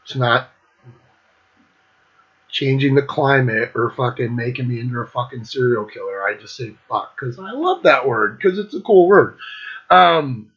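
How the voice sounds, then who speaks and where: A man's voice: medium pitch, lively intonation, measured pace, slightly rough. A man hosting his own music show, ranking albums in a casual monologue, blunt and enthusiastic, swearing constantly. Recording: dull lo-fi recording.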